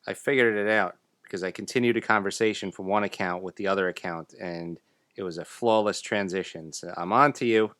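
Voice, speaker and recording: A man's voice: low voice, fairly quick, a bit bright, no room sound, studio quality. A man co-hosting a podcast, laid-back and teasing, reading listener emails. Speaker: podcast co-host. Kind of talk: casual chat.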